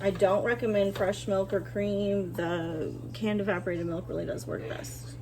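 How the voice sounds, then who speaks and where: A woman casually chatting through a home cooking vlog in her kitchen, relaxed and joking, with plenty of ums. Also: mid-range voice, moderate pace. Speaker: cooking vlogger.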